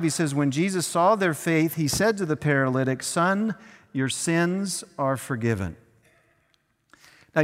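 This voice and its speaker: A man's voice: on the high side, a bit bright. A man preaching a sermon in a conversational way, sometimes acting out little scenes, recorded in a church. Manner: conversational preaching with acted asides. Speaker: pastor. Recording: long hall reverb.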